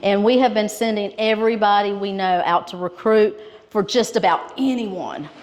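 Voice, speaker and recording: A woman's voice: medium pitch, moderate pace. A woman with a Georgia Southern accent presenting awards at a banquet, telling a humorous story and often laughing. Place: school banquet hall with an audience. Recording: audience laughter in a hall.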